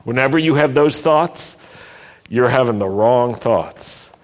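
Slow, emphatic male preacher in a reverberant hall. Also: mid-range voice, animated. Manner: emphatic preaching, asks the congregation to repeat lines. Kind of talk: sermon.

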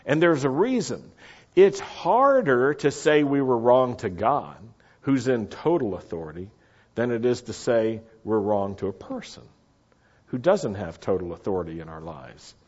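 A man preaching a sermon, slow and deliberate, repeating key phrases for the congregation to say back. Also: medium pitch, expressive, dull audio. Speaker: pastor.

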